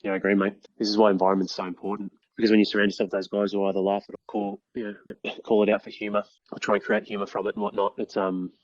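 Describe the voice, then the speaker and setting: Aussie bloke hosting a podcast, talks super fast and swears a lot, dry dull sound. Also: male voice, lowish voice, little pitch movement, no room sound. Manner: rapid, sweary and emphatic, with many restarts. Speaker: podcast host. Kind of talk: casual podcast interview.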